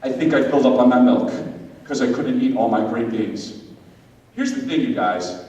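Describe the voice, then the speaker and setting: Animated man speaking in an echoey hall. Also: mid-range voice, moderate pace, dull audio. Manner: animated, addresses listeners directly. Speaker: speaker at a confirmation retreat. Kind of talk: storytelling talk. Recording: echoey hall from far off with faint noise.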